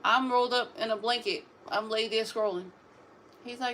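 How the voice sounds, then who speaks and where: A woman, telling parenting stories in a sassy, animated way, like a casual talk to camera. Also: on the high side, moderate pace, slight background noise. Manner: sassy, animated storytelling, drawling asides. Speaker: mother vlogging about parenting.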